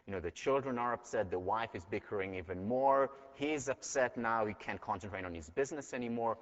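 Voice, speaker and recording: Low-voiced man lecturing in a hall. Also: a little fast. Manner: earnest, storytelling. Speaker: university lecturer. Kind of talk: university lecture. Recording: dull lecture hall recording.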